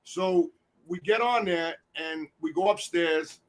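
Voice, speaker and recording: Brief: high-pitched male podcast host, animated storyteller, swears freely, does voices for the people in his tale. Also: slow. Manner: animated, profane, acts out quotes. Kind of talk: casual storytelling.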